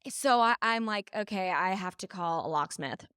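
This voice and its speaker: A woman's voice: mid-range voice, normal speed, smooth, no echo, clean studio sound. A woman in her twenties co-hosting a podcast, telling a story with lots of acted-out quotes and laughter. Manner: animated storyteller, acts out quotes, laughs often. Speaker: podcast co-host. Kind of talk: casual chat, storytelling.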